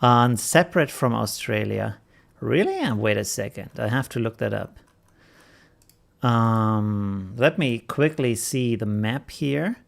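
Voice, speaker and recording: A man's voice: medium pitch, lively intonation, takes it slowly, vocal fry. A man with a German accent hosting a casual live stream, greeting viewers by name and chuckling often.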